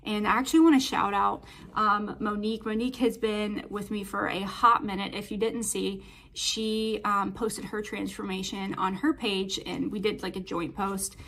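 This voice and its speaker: A woman's voice: mid-range voice, flat delivery, moderate pace, a bit bright. A woman fitness coach talking in a casual motivational monologue, chatty and storytelling with lots of filler words.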